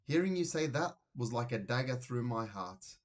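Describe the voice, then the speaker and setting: A man voicing an excitable, gushing mother who works as a nail technician, in a children's storybook reading. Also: medium pitch, normal speed, lightly acted.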